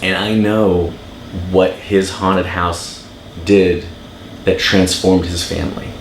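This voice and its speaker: Excitable low-voiced man, echoey room. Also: takes it slowly, a little hiss or hum. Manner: excited and emotional, acts out quotes. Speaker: documentary director. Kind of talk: casual interview. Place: film festival.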